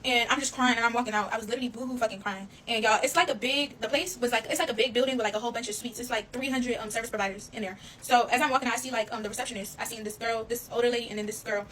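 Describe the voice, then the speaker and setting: Fast-talking woman telling a storytime. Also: fairly high pitch, slight background noise, rough recording. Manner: fast, animated, addresses listeners as y'all, swears freely. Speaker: storyteller vlogger. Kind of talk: casual storytime monologue.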